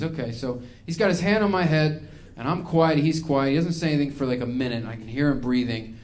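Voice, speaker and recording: A man's voice: medium pitch, animated, moderate pace, darkish tone. A male stand-up comedian performing a ranting, exasperated set.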